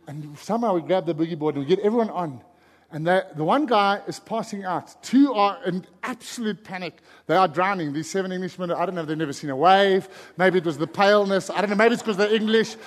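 A middle-aged man preaching a sermon, telling a story with animated energy and shouting in its excited stretches. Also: high-pitched, brisk. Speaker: pastor. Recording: long hall reverb.

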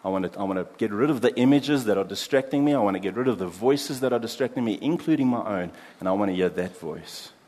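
A man preaching a sermon as pastor, earnest, dropping soft for prayers and building emphasis in lists. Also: lowish voice, animated, fast, few pauses, big-room sound.

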